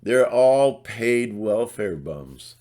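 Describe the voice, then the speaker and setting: A man's voice: medium pitch, sing-song, drawn-out words, mellow. A middle-aged man ranting in a blunt, sarcastic monologue, rambling with restarts and putting on mocking voices. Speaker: channel host.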